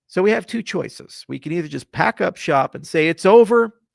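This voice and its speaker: A man giving an unscripted, passionate and blunt monologue to camera, profane and swinging from quiet to loud. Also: fairly high pitch, expressive, moderate pace, vocal fry, no room sound, clean studio sound. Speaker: crypto industry founder. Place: Colorado.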